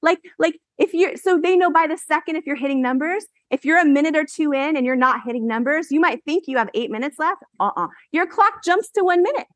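Animated woman giving a keynote. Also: sits high, a little fast, few pauses, no room sound. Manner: animated, laughs often, acts out quotes. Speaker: keynote speaker. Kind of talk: motivational keynote storytelling. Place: event stage.

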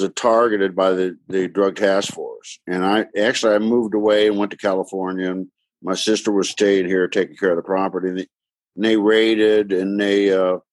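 Deep-voiced man telling his story. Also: no room sound. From Mississippi. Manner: earnest, halting with fillers. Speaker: guest doctor. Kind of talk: conversational interview storytelling.

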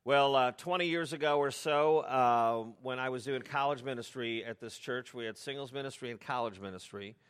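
Middle-aged pastor guy, chatty sermon storytelling, mid pitch, gets lively. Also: moderate pace, few pauses, clear, resonant tone. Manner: conversational storytelling, animated asides.

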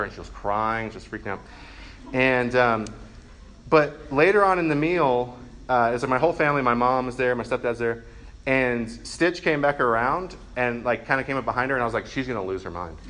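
A man in his thirties preaching a sermon in a conversational, humorous way, with quick asides to the congregation. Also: mid-range voice, fairly bright tone, a little hiss or hum. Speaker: pastor.

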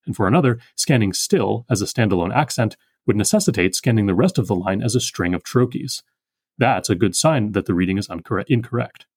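A man hosts a poetry podcast and walks through a poem's meter in a precise, methodical way. His voice sits low and has a husky edge. He pauses to speak single lines slowly, like examples in a lecture. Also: animated, a little mellow, no echo, clean studio sound. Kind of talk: close reading and metrical analysis.

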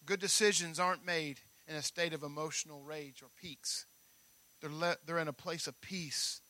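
A man's voice: fairly high pitch, fairly even intonation, normal speed, bright, forceful tone. A male pastor preaching a sermon, emphatic and full of repeated phrases.

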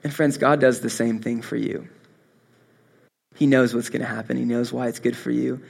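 A young man preaching a sermon, earnest and swinging from soft, intimate moments to impassioned rises. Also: medium pitch, steady tone, moderate pace, gravelly. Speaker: pastor.

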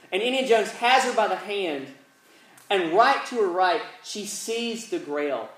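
A man's voice: sits high, expressive, measured pace, a bit bright. A man preaching at an evening gathering, retelling a film scene animatedly, then praying earnestly. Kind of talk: sermon with storytelling and prayer. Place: large room, evening gathering. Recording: echoey, distant mic, faint ambience.

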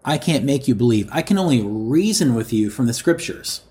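A man preaching a sermon, calling his listeners friends and repeating each quoted line slowly for emphasis. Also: medium pitch, expressive, mellow.

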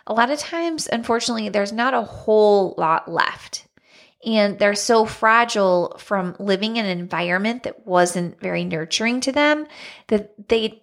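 A woman in her thirties hosts her own podcast in a relaxed, chatty way, laughing often as she talks. Her voice has a gravelly, creaky texture and sits at a medium pitch. She is still recovering from an illness that has left her a little slower than usual. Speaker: podcast host. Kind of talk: casual chat.

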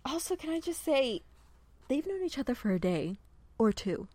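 Woman doing a rambling co-host, close dry mic, mid pitch. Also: very animated, moderate pace, mellow, no room sound. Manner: rambling, lots of "like", acts out quotes. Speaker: podcast co-host. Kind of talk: casual chat reviewing a book.

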